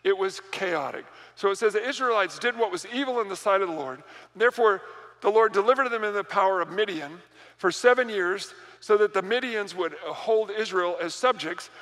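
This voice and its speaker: A man delivers a sermon in a high, bright voice, animated and quick to repeat words as he builds each point. His voice rings out with the long reverb of a church hall. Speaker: pastor. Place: church sanctuary.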